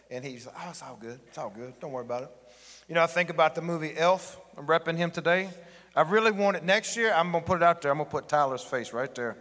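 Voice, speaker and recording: Joking pastor preaching in an echoing hall. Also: male voice, fairly high pitch, fairly bright tone. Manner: joking, conversational preaching with the congregation. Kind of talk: sermon. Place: church sanctuary.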